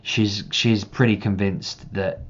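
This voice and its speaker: A young man with a very low voice chats to camera at length, circling back and restarting his thoughts as he goes. He gets animated whenever he acts out a conversation. The recording sounds dull and slightly lo-fi. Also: slow, breathy edge. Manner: rambling, restarts often, animated when reenacting. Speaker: parent vlogger. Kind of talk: casual chat to camera.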